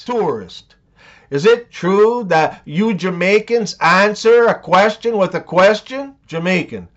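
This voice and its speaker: Male comedian, deadpan joke delivery, unhurried; dull lo-fi sound. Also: high voice. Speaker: comedian telling jokes. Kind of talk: scripted joke narration.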